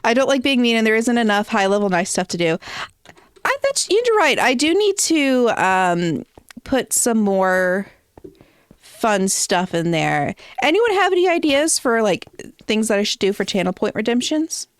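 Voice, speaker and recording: A woman's voice: mid-range voice, animated, a little slow, clear, resonant tone, no echo. A woman streamer chatting casually while playing, thinking aloud with hesitant ums. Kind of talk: casual gameplay stream chat.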